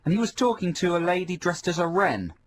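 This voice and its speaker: A man's voice: sits high, very animated, fairly quick, slight background noise. A man with an English accent, co-hosting a radio show and teasing his partner in casual banter in a studio.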